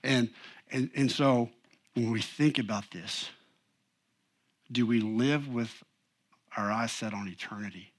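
A man's voice: medium pitch, slow, long pauses. A middle-aged man preaching a sermon in a church, talking in a casual, emphatic way and often saying "you know.". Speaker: pastor.

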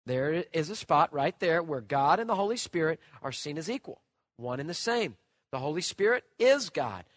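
A man preaching a sermon, telling stories with animation and swinging from loud to hushed. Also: a little high, sing-song, moderate pace, dry recording. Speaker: pastor.

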